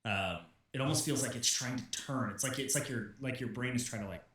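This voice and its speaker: A young man running a tabletop game as game master, casual and halting, with many fillers and restarts. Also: medium pitch, a bit bright. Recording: roomy, distant home mic.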